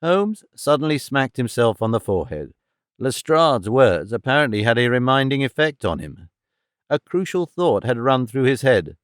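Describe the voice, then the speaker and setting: Man reading an audiobook, calm measured narration, dry studio mic. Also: medium pitch, clean tone, no room sound. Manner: measured, even storytelling. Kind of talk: scripted narration.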